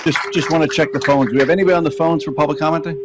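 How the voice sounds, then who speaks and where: A man chairing a town council meeting, calling speakers forward quickly with stammering repeats. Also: fairly high pitch, fairly even intonation. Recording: loud crowd and noise in hall. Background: crowd murmur.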